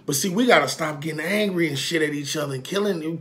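This man's fairly high voice moves at a quick clip with few pauses as he addresses his followers in a casual vlog. He's emphatic and foul-mouthed, circling back to the same points and shifting from quiet confessions to loud eruptions.

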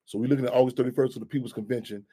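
A man hosting call-in radio talk, animated and profane, rambling with frequent restarts and repeated words. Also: mid-range voice, rapid-fire, slightly rough. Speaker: radio show host.

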